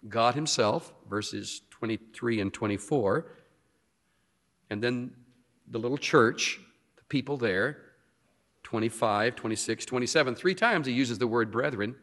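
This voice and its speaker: A man's voice: medium pitch, measured pace, fairly bright tone. A man preaching an expository sermon, drawing out key words for emphasis. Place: church sanctuary. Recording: long reverb of a hall.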